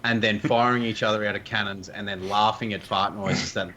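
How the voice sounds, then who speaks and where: A man's voice: on the low side, steady tone, fairly quick, pushed and bright, a little hiss or hum. An Australian man in a casual gaming chat, joking and blunt.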